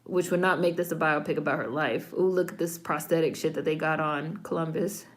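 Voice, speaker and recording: A woman's voice: low voice, steady tone, a little fast. A woman hosting a casual watch-along of a film, commenting bluntly and swearing freely. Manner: blunt, profane, talks back at the screen. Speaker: host reacting to a film.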